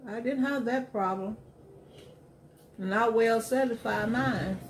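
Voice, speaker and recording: A woman's voice: on the high side, slow, a little hiss or hum. Candid middle-aged woman hosting an eating show. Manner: candid, emphatic storytelling. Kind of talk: casual chat while eating.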